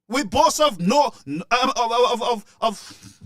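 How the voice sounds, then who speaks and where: A man delivers impassioned political commentary in a high, bright voice. He repeats himself and stumbles through restarts as he presses each point. The sound is dry and close. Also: animated, slow, hardly any pauses, no room sound. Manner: emotional, repetitive, stammering restarts.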